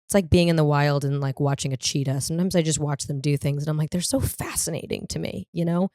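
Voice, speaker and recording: A woman in her thirties from the US East Coast hosts a podcast, delivering a rambling, profane comedic monologue and animatedly acting out other people's voices. She speaks fast in a low voice, with studio-quality sound and no room noise.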